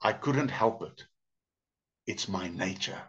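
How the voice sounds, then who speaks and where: A man's voice: medium pitch, sing-song, normal speed, a bit bright. A man voicing a sly, pleading snake in a fable he tells, with a coaxing manner, on a dull recording. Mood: matter-of-fact. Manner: wheedling, coaxing.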